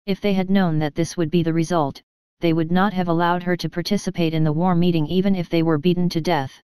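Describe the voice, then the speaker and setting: A woman narrating an audiobook in a steady, even storytelling manner. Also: lowish voice, fast, smooth, no echo. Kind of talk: scripted narration.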